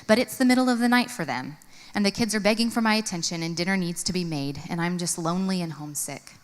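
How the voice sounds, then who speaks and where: A woman's voice: fast talker, smooth. A woman in her thirties speaking at a conference, telling an earnest personal story and reading from her journal. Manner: earnest, storytelling, expressive swings in pitch. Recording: long hall reverb.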